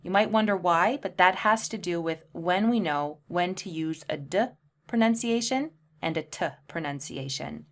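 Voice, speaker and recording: A woman teaching English pronunciation, saying example words slowly and clearly one at a time. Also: on the low side. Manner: slow, deliberate enunciation of example words. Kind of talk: pronunciation lesson.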